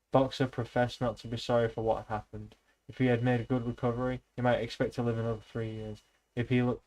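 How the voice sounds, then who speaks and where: A man's voice: medium pitch, a little mellow, rough recording. A man reading a novel aloud in a loose, casual way, with slips and restarts. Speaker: reader, streamer.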